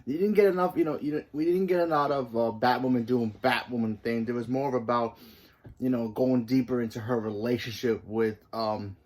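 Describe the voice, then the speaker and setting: A man hosts his own show and rambles through a casual review of a TV episode. He has a mid-range voice and fills his talk with "you know." His pitch and volume jump up sharply when he stresses a point. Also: a little mellow. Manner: rambling, many fillers and restarts; emphatic jumps in pitch and volume. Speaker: host of a TV review channel.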